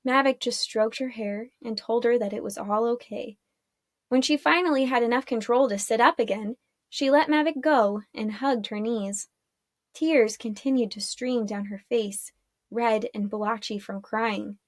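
A teacher reading a children's chapter book aloud in a calm, clear storytelling manner. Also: female voice, fairly high pitch, moderate pace, no room sound, clean studio sound.

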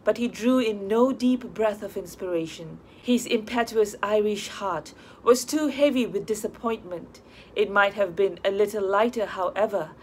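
A woman narrates a classic short story at a middle pitch, measured and expressive. Her reading is steady and clear. Faint noise hums behind the recording. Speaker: audiobook narrator.

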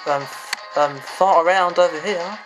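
A man's voice: a little high, unhurried, poor audio. A man giving frustrated gameplay commentary, swearing and exclaiming. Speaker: gamer. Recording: game music behind the voice.

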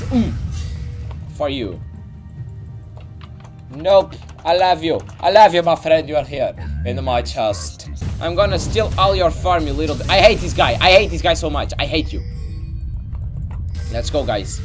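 Excitable young gamer shouting over music. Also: male voice, on the high side, unhurried, pauses often. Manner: shouty, swearing, jokey voices. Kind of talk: excited gaming commentary. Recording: gameplay music behind voice.

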